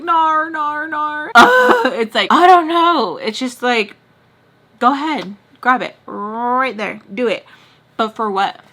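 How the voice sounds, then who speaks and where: A young woman vlogger telling a personal story in a casual, animated way, often acting out what she and others said. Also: medium pitch. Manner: expressive, animated, quoting herself.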